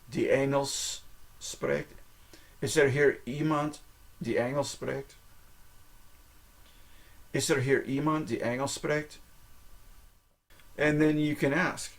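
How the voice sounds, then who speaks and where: Host: American man, mid-pitched, casual and halting, filler-heavy phrase practice. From United States. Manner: halting, repeats phrases, sprinkles "like" and "um". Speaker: podcast host. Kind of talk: casual language-learning monologue.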